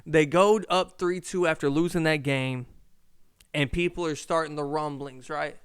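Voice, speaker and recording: Profane, rambling sports-podcast host. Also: male voice, fairly high pitch, normal speed, smooth, dry recording, clean studio sound. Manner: profane, rambling, animated rants. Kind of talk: casual solo sports podcast rant. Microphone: handheld mic.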